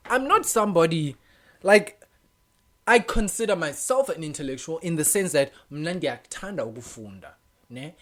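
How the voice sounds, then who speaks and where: A young man with a Xhosa South African accent talks straight to the camera in a casual opinion vlog. His pitch moves up and down a great deal. He switches languages easily within a sentence and laughs often. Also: a bit bright. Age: young adult. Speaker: vlogger.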